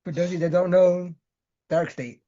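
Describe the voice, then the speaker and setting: Co-host, casual chat, stammers and laughs, warm dark voice, lo-fi sound. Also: medium pitch, steady tone, normal speed. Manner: hesitant, stammering, laughs often. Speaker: podcast co-host.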